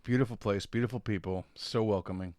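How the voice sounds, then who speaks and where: A young adult man co-hosting a casual podcast chat, telling stories with animated energy and casual swearing. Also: fairly low pitch, a little fast, no room sound, clean studio sound. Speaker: podcast co-host.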